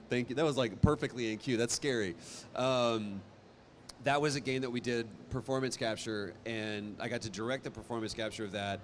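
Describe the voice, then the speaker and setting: A man in his thirties telling stories on a convention stage into a handheld mic, animated and self-deprecating. His voice sits at a mid pitch, and he trips into frequent restarts. A faint hiss sits under the sound. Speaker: voice actor guest on a convention panel. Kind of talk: live panel storytelling.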